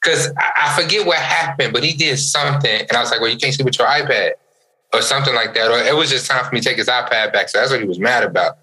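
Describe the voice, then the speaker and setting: Animated, bright-voiced male podcast co-host. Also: quick pace, rough recording. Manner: animated storyteller, acts out quotes with big pitch jumps. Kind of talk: casual chat, storytelling.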